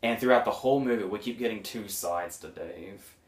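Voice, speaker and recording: A man's voice: lowish voice, brisk. A man casually reviewing a film, rambling with many ums and short amused laughs. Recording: roomy echo, mic at a distance.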